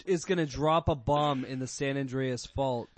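Mid-pitched man recapping a movie. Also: normal speed. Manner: enthusiastic storyteller, recapping a film. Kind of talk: casual chat.

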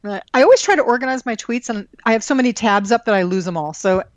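A woman's voice: a little high, animated, fast, no echo. A woman co-hosting a casual political chat, reading news items and tweets aloud with laughing asides. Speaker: co-host.

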